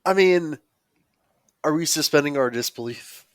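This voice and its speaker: A man's voice: a little high, measured pace, dry recording. Podcast guy, dry wry questions, close dry mic. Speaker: podcast co-host. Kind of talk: casual panel chat.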